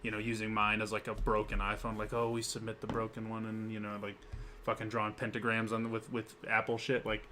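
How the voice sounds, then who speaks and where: A young man co-hosting a casual talk show, rambling and swearing as he pitches ideas. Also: monotone, pushed and bright, a little hiss or hum. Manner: rambling, profane, quick-talking. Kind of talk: casual chat.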